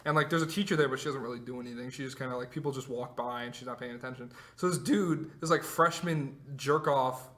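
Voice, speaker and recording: A man's voice: medium pitch, quick pace, hardly any pauses, a bit bright. A teenage young man co-hosting a casual chat, telling rambling, profane stories full of "like.". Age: teens. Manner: rambling, profane storytelling with many "like"s. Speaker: co-host.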